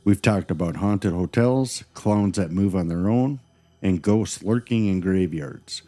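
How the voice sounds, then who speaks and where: Deep-voiced man teasing spooky tales. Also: measured pace, warm tone, soft background music. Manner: dramatic, teasing storyteller. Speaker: podcast co-host. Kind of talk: scripted paranormal podcast chat.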